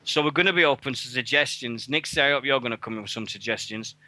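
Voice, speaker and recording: Man, excitable radio co-host, casual swearing, bright voice, dry close sound. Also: medium pitch, quick pace, dry recording. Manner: excitable, swears freely, laughs a lot. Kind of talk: casual internet radio chat.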